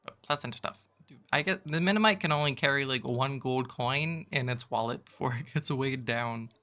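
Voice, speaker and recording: A man's voice: medium pitch, normal speed, pushed and bright. A male streamer reading a gamebook aloud, with casual, chuckling asides.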